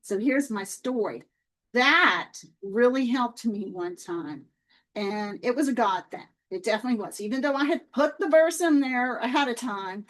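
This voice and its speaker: A woman with a fairly high voice speaks straight to her viewers. She is a chatty, lively storyteller who mixes faith lessons with personal stories. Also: rough recording. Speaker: Christian author and video host. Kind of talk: casual faith talk to viewers.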